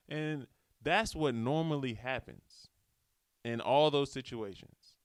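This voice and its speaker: Laid-back slangy young man, smooth dry voice. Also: medium pitch, slow pace, no echo. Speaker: podcast host. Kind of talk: casual motivational solo podcast. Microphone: studio microphone.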